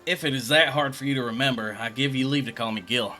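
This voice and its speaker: A man's voice: mid-range voice, quick pace, bright, forceful tone, soft background music, lightly acted. A man voicing a boastful, flirty male swordsman from a game in a put-on American country accent. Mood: swaggering. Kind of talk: reading game dialogue aloud in voices.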